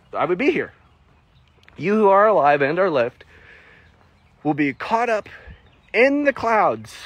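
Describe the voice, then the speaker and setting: Animated husky-voiced man teaching the Bible. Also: sits high, no room sound. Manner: animated, laughs often, emotional and excited. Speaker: Christian ministry teacher. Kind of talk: walk-and-talk Bible teaching.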